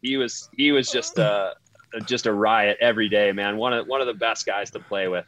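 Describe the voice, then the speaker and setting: A retired hockey player tells stories in an easy, halting way and laughs often. His tone is bright and sharp, and it is recorded very dry and close. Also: fairly low pitch, steady tone, no echo. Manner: laughing, halting storyteller with restarts. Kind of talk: casual storytelling chat.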